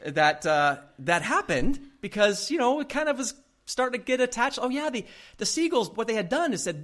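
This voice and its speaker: A male pastor preaching a sermon, telling a story in an animated way and laughing often. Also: extremely high pitch, moderate pace.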